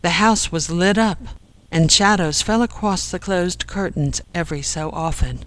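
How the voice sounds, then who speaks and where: An audiobook narrator reading a comic story in a steady storytelling manner. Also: mid-range voice, normal speed, rough recording. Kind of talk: scripted narration.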